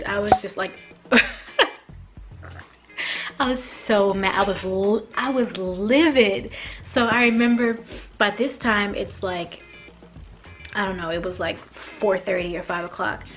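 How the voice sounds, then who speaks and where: A young woman from the Mid-US telling a casual storytime vlog, animated and acting out quoted lines with big jumps in her voice. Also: mid-range voice, slow pace, long pauses, soft background music. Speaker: vlogger.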